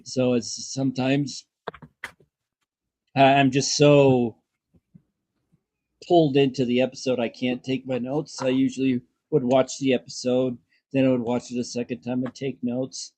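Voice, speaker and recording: A man hosting a casual podcast chat, talking in halting bursts with frequent restarts and the odd curse. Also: medium pitch, flat delivery, mellow, dry recording. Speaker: podcast host.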